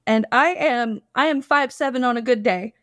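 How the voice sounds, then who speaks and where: A woman's voice: a little high, normal speed, a bit bright, no room sound, studio quality. A woman as a podcast guest telling her story casually and animatedly, acting out quotes and swearing freely.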